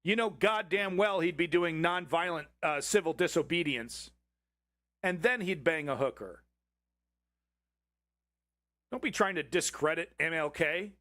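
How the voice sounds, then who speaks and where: Brief: male stream host, angry profane rant, higher-pitched voice, dry close sound. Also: animated, measured pace, pauses often, bright, forceful tone, no echo. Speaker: livestream host. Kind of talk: profane political commentary over a clip.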